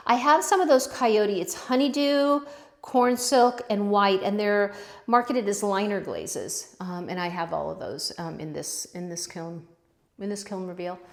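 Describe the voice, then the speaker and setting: A woman vlogging about her pottery in a casual, rambling, chatty way, breaking off mid-sentence and picking the thread back up. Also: mid-range voice. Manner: rambling, chatty, self-interrupting, warmly emotional. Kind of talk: casual chat.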